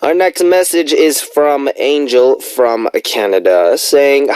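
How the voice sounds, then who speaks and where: A man's voice: mid-range voice, very animated, slow, a little mellow, clear, resonant tone, no echo. A man hosting a music radio show, chatting casually and playfully between songs in a studio. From United States. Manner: chatty, playful, upbeat asides. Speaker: radio DJ and host.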